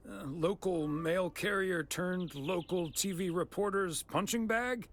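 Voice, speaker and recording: An actor playing a courteous mail carrier who speaks politely and makes light jokes. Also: male voice, sits high, unhurried. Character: polite, good-natured male mail carrier.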